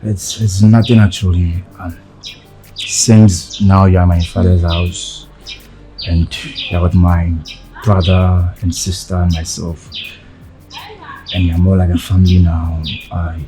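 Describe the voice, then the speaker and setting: An actor playing a young man who haltingly confesses his feelings. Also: sits low, level tone, over music, poor audio. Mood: nervous. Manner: hesitant, halting, nervous.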